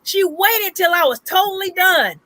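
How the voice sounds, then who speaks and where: A woman hosting an online birthday chat, telling animated stories and laughing often. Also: very high voice, unhurried, no echo. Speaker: host. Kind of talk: casual chat. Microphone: online call.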